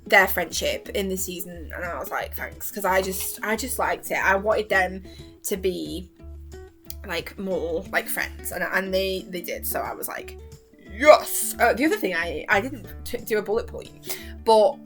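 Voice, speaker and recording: A woman's voice: medium pitch, normal speed, fairly bright tone, faint music behind. A young woman gushing about a TV series in casual chat, giggling and acting out scenes. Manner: giggly, gushing, acts out scenes in quoted voices. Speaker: YouTuber reviewing a TV series.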